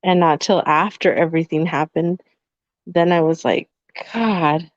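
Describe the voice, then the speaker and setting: A woman with a somewhat low voice speaks reflectively on a podcast and fills her speech with "like". She sounds middle-aged. The sound is dry and a little dull and lo-fi. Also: a little slow, no echo. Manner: reflective, filler-heavy with frequent "like". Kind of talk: casual podcast conversation.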